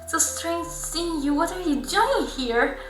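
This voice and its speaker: Brief: woman doing a higher, stammering young woman near tears, apologetic, bright tone, roomy echo with faint music. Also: expressive, a little slow, recorded from a distance, full character voice. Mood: tearful, apologetic. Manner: stammering, emotional. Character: tearful apologetic young woman, old friend.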